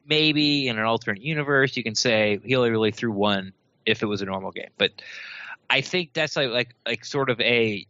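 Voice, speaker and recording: Bright rambling man co-hosting a podcast. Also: medium pitch, normal speed. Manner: rambling, filler-heavy. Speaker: podcast co-host. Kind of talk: casual chat. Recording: dull, dry lo-fi podcast audio.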